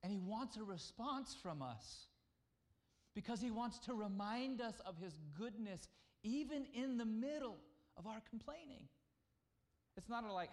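A man preaching a conversational sermon, at times dropping to a hushed voice to speak as God. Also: high voice, animated, normal speed. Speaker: pastor.

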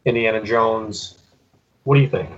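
A man's voice: lowish voice, fairly even intonation, moderate pace, muffled recording. A man co-hosting a podcast, rambling through grand setups in casual banter. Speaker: podcast co-host.

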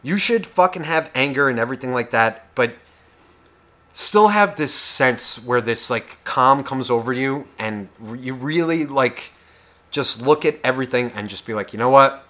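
A young man co-hosting a podcast, ranting in a profane, heated way, swinging between loud outbursts and whispers. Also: mid-range voice, moderate pace. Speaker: podcast co-host. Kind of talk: casual podcast rant.

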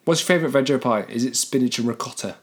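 A man's voice: medium pitch, rapid-fire, breathy edge. Man, young, podcast co-host, wry, playful, quirky phrasing. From Britain. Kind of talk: casual chat.

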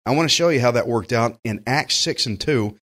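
Speaking fairly quickly in a mid-range voice, a Southern-accented man preaches as a pastor. His sermon is lively and homespun, and he performs the voices of those he quotes.

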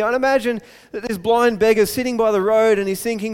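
High-voiced pastor preaching. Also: male voice, brisk, hardly any pauses, clear, resonant tone. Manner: animated storytelling, acts out crowd voices. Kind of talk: sermon. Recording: long hall reverb.

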